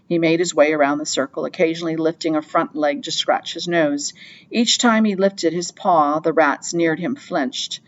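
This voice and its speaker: A woman narrating an audiobook in a steady, plain storytelling manner. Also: low voice, normal speed, dull audio. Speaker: audiobook reader.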